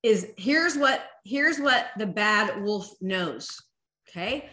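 Woman doing a hyped motivational talk, bright voice, echoey room. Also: medium pitch, slow. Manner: energetic, repetitive, rallying the crowd. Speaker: motivational speaker. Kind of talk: motivational talk to a live audience.

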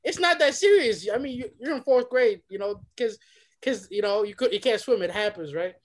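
A man's voice: high voice, lively intonation, fairly quick. A man voicing his amused, teasing mother as he retells a story about her.

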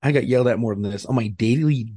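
A man with a husky voice, a former Marine and police officer, co-hosting a casual podcast and telling animated, profane stories. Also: medium pitch, fast, no room sound, clean studio sound.

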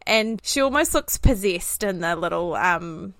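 A woman's voice: fairly low pitch, unhurried, no echo. A woman, telling stories animatedly in a casual chat. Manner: animated storyteller, laughs often.

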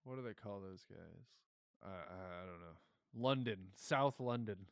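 Gravelly, tipsy podcast co-host. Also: male voice, lowish voice, moderate pace, no echo, clean studio sound. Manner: laid-back, laughing, swearing. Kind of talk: casual chat.

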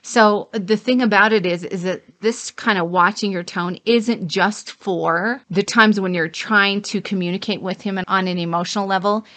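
A woman's voice: medium pitch, fairly even intonation, normal speed, hardly any pauses, bright, forceful tone. A middle-aged woman co-hosting a casual advice chat, walking through points one by one. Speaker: co-host.

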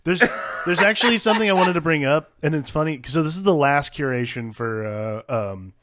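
A man co-hosting a podcast, chatting casually about movies, animated and profane, exaggerating for laughs. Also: fairly high pitch, brisk, background noise. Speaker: podcast co-host.

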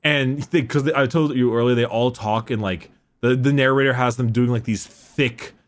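A man's voice: mid-range voice, steady tone, moderate pace. A man hosting a podcast, chatting casually and stumbling over names with laughs. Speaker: podcast host. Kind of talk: casual chat.

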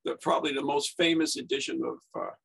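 A man hosting a show, wrapping up with a halting, informal sign-off. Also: medium pitch, huge pitch swings, creaky, fairly bright tone, slightly rough. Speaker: host. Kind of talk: casual sign-off. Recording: distant from the mic.

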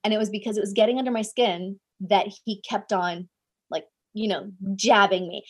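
A woman's voice: medium pitch, normal speed, husky. A woman speaking English as a second language, a life coach telling a personal story in an interview, with lots of "right?" and "like". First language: not English. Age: 20s at the time recalled; now older. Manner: animated, many "right?" tags and "like" fillers.

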